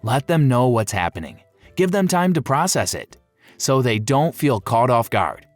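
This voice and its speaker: A man's voice: medium pitch, sing-song, normal speed, faint music behind. A man giving scripted narration for a pet-care video, playful and fond of jokey asides.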